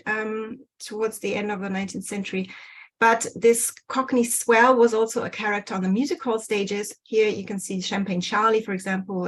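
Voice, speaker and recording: A woman presenting research in an online lecture over a video call, pausing often with ums and correcting herself. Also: medium pitch. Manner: hesitant, many ums and self-corrections. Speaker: guest speaker presenting research.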